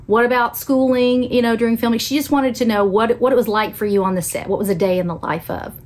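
A woman's voice: fairly high pitch, steady tone, fast talker. Laughing older woman hosting an interview. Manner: warm, laughs often, enthusiastic. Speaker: host.

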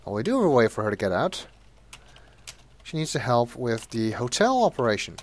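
Let's play commentator, man, dry wry asides, close dry mic, mid pitch. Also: big pitch swings, a little fast, long pauses, no room sound. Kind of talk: game commentary and reading game text.

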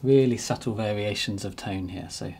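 A man narrating a painting demonstration as he works, relaxed and thinking aloud. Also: lowish voice, moderate pace, husky. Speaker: painting teacher.

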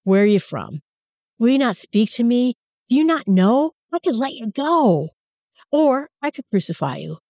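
Anxious roman governor guy begging for an answer, voice pushed way up high, as a woman reads him out, dry close sound. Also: big pitch swings, normal speed, dark tone, no echo. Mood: pleading. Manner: pleading, pressing questions.

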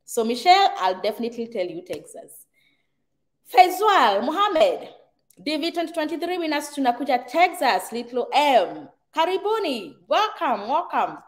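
A middle-aged Kenyan woman with a Kenyan accent and a slightly high voice hosts a relaxed live chat. She reads out viewer comments in a chatty way, laughing easily and slipping into Swahili phrases. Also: normal speed. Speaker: livestream host reading viewer comments.

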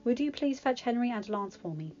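A woman's voice: a little high, expressive, brisk, mellow, voice pushed up, lightly acted. A woman voicing a young, earnest prince who is sheepish about being in love. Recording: dull lo-fi recording, faint music.

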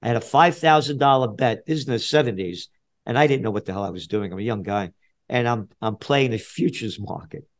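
Older New York guest, seventies, combative profane storyteller, ordinary middle register. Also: male voice, brisk. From the Bronx, New York. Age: 70s. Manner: blunt, fiery, profane, swings from low mutter to loud. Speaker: guest, trend forecaster. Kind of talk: podcast interview, storytelling.

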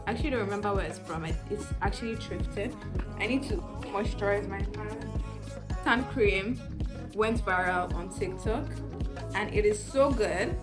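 A woman's voice: medium pitch, moderate pace, music in the background. A young woman vlogging at home, chatting candidly and rambling straight to her viewers. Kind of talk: casual chatty vlog. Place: indoors at home.

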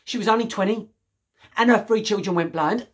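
A man's voice: sits high, fairly quick, slightly rough, voice pushed up. Man voicing a grieving, anguished young woman. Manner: raw, loud, anguished.

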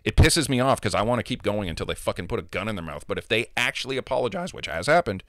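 A man's voice: on the low side, sing-song, quick pace, a bit bright, dry recording, studio quality. A man, a gamer, ranting casually and heatedly about online trolls, profane and emphatic. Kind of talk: casual rant.

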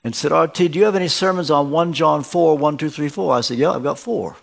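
A man's voice: brisk, gravelly. An older man preaching a sermon as a guest in a church, telling stories and acting out the dialogue in them. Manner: storytelling, acts out dialogue with shifts of pitch.

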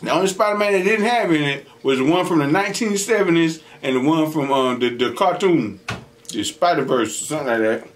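Between bites on his at-home eating show, a young mukbang host tells casual stories, laughing a lot and voicing what other people said. He's animated throughout, with a slightly high voice and a fairly quick delivery.

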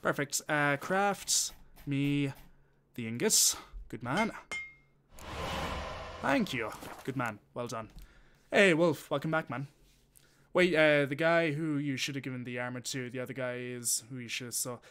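A man's voice: mid-range voice, normal speed, a bit bright, slight background noise. A man, chatting and swearing casually as he thinks aloud while playing a game on stream. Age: 20s. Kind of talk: casual gameplay commentary.

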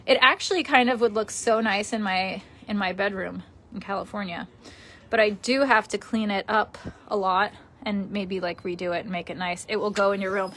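A woman's voice: mid-range voice, steady tone, moderate pace, a bit bright. Giggly New woman livestreaming. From Queens, New York. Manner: chatty, giggly, talks to viewers. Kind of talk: casual livestream chat. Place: her childhood bedroom.

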